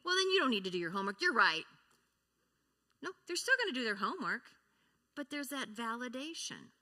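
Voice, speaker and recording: A woman's voice: a little high, very animated, a little fast, pushed and bright. A woman speaking at a church, teaching about feelings and grief, often asking the audience questions and acting out example replies. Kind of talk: teaching talk to a congregation.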